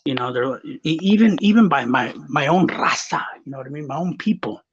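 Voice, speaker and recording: Husky storytelling man from Texas. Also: fairly high pitch, expressive, fairly quick. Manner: rambling, swearing, storytelling. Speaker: guest. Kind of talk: casual podcast chat. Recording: slightly muffled recording.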